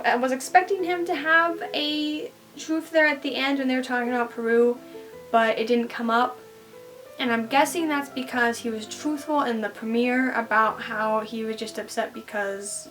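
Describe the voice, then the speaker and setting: A woman talking through a TV episode in a casual recap, gushing and excitable as a fan. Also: on the high side, recorded from a distance.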